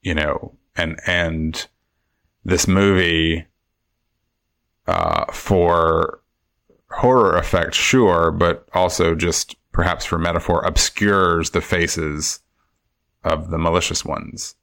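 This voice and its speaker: A man co-hosting a podcast, musing in a halting way about a film and repeating words as he thinks. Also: sits low, fairly even intonation, fairly bright tone, smooth. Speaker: podcast co-host. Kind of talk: casual film discussion.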